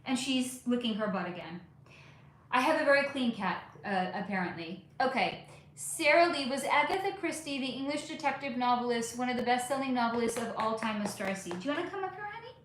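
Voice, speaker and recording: A woman's voice: fairly high pitch, animated, a little fast, a bit bright, slight background noise. Chatty woman host in an echoey room. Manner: casual, rambling with many fillers. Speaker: spiritual reader and channel host. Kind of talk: live-stream chat reading.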